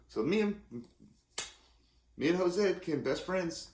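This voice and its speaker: A man's voice: sits high, lively intonation, slow, pauses often, a little mellow, slight background noise. Rambling man in his forties, roomy echo. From California. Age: 40s. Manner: rambling and self-interrupting, with many fillers and restarts. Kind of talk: casual rambling monologue. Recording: roomy echoey room.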